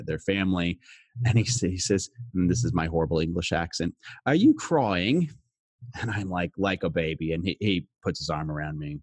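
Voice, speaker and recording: Deep-voiced father telling a moving story. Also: no room sound. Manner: emotional, halting, repeats words. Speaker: guest. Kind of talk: personal storytelling.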